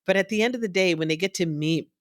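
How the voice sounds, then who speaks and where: A woman's voice: on the low side, quick pace, no room sound, clean studio sound. A woman guest, a nonprofit founder, telling stories in an interview and acting out other people's lines as she goes. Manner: animated storyteller who acts out others' voices. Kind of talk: conversational interview storytelling.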